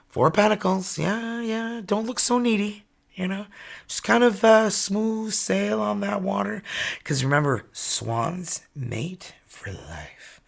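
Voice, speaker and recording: Animated man, gravelly voice. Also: sits high, a little slow. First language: French. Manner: animated, teasing and chatty. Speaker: tarot reader. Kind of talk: casual tarot reading.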